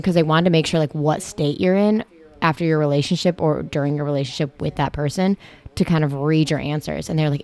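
Low-voiced chatty young woman. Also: steady tone, fairly quick, a little mellow. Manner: chatty, laughs often, lots of "like". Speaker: podcast co-host. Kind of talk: casual chat. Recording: echoey room.

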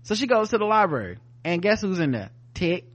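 Male podcast co-host, fairly high voice, loose profane recap, acts out scenes. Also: fairly quick. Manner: animated storyteller acting out characters' lines. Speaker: podcast co-host reviewing a TV episode. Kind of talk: casual profane recap chat.

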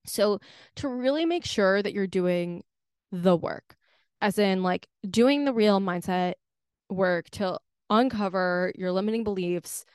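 A woman's voice: medium pitch, measured pace, darkish tone, clear, resonant tone, no echo, clean studio sound. A young woman hosting a solo podcast, chatty and upbeat, filling her talk with "like" and "right?". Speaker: podcast host.

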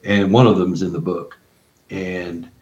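A man, a guest researcher and author, telling an excited story full of quoted dialogue and restarts. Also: deep voice, a little slow. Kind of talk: animated storytelling. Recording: roomy, distant, dull remote audio.

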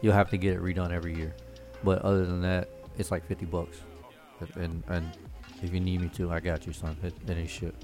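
A man, a slightly low voice and faint music behind him. He chats casually, swearing freely and telling stories, often breaking into laughter. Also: level tone, a little fast, a little mellow. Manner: profane storytelling, laughs often. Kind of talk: casual chat.

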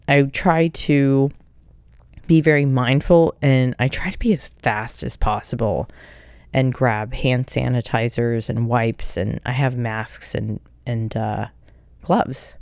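A woman hosting a casual solo podcast, answering listener questions in a blunt, upbeat way and swearing freely. She talks at an unhurried pace in a smooth, clean voice. The sound is dry and close. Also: rumbling low, steady tone, darkish tone, no echo. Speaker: podcast host.

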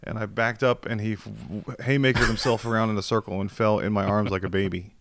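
A man's voice: on the low side, steady tone, quick pace, gravelly, a bit bright. A man who is a podcast guest, telling a story in casual chat over a video call. He acts out the quoted voices and swears freely.

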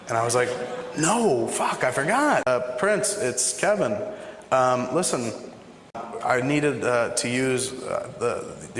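A man telling a long, profane anecdote in a casual way, acting out the dialogue as he goes. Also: mid-range voice. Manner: animated, profane, acts out dialogue. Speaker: guest storyteller. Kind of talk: casual storytelling. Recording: roomy hall with faint ambience.

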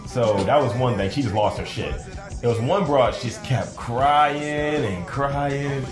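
This co-host speaks unhurriedly in a medium-pitched voice, spinning crude tales and animatedly impersonating the characters. The casual, explicit podcast banter plays in an echoey room over music.

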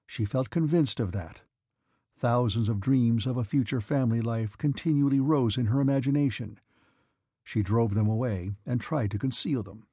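Guy reading a classic novel aloud, steady, husky voice, super dry sound. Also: medium pitch, dry recording. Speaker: audiobook narrator. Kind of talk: audiobook narration.

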